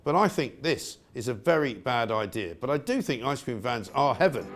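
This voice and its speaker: A middle-aged man delivers a scornful, outspoken opinion segment, his pitch swinging widely as he mocks his targets. He sounds sarcastic throughout. Faint music plays quietly behind him. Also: big pitch swings, moderate pace. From England. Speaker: presenter. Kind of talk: opinionated monologue.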